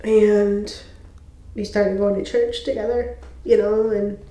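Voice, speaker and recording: A young woman talks to camera in a personal faith testimony, emotional and halting, often pausing and restarting. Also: mid-range voice, flat delivery, mellow. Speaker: faith video host. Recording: echoey room.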